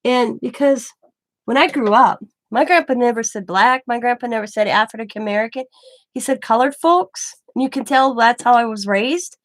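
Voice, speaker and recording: A woman's voice: on the high side, normal speed, dry recording. Rambling woman in her forties chatting. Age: 40s. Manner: rambling storytelling with many restarts and laughs. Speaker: craft channel host. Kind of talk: casual chat.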